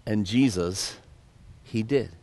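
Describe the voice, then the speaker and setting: Slow, dry-voiced male pastor preaching. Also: lowish voice, a little mellow, no echo. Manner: storytelling, with playful asides. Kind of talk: sermon.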